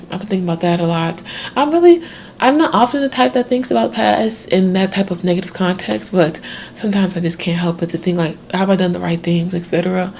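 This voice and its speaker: A woman's voice: fairly low pitch, darkish tone, a little hiss or hum. A woman in her twenties talking through her worries in a rambling, reflective video diary. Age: 20s. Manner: reflective, rambling, many fillers. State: tearful, crying at times. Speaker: vlogger.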